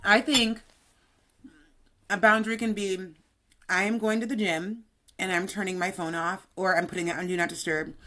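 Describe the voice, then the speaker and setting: Woman in her thirties, fitness coach co-host, sassy and chatty, mid-pitched voice. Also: fairly even intonation, normal speed, pauses often, fairly bright tone. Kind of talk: casual podcast chat.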